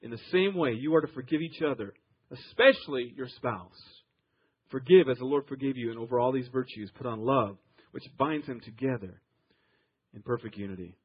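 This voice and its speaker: A man preaching a sermon, grew up in Iowa, telling stories with emphatic swings from loud to soft. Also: mid-range voice, normal speed, slightly rough, highs cut off. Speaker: pastor.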